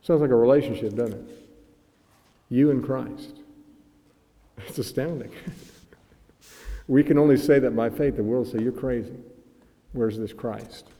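A man delivers a sermon in a mellow, dark-toned voice. He is earnest and rises to loud, emphatic stresses as he reads and quotes. His voice rings with the long reverb of a large hall. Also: medium pitch, moderate pace, long pauses. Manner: earnest, builds to loud emphatic peaks when reading and quoting. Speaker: preacher. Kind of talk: sermon with read-aloud passages.

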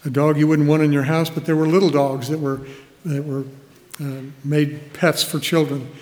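A man's voice: fairly high pitch, level tone, moderate pace, a little mellow. A man preaching a sermon, reading scripture verses aloud and explaining them with an easy, chuckling manner. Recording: hall reverb.

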